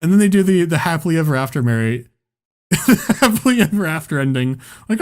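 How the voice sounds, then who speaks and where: A man telling a story in casual chat. He is animated and swears often, and he laughs at his own story. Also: a little high, fairly quick. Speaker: podcast host.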